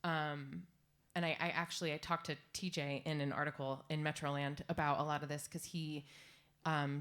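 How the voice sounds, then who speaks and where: A woman in her thirties, a singer-songwriter talking on stage between songs, tearful and rambling with halting fillers. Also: deep voice. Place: stage at a live songwriters' round.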